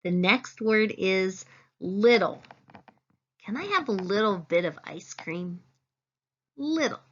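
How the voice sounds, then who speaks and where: Slow-spoken woman teaching phonics. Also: medium pitch, expressive, dull audio. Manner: slow, clear teacherly dictation, stressing words. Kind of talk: phonics lesson.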